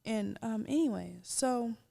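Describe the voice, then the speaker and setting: A woman co-hosting a podcast, telling stories in a blunt, animated way and laughing often. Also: on the high side, measured pace, creaky. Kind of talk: casual chat.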